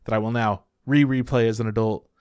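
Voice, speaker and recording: Laid-back cursing man, smooth voice. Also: medium pitch, fairly even intonation, fairly quick, darkish tone, no room sound, studio quality. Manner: laid-back, swears a lot, laughs often. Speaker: podcast co-host. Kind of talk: casual chat.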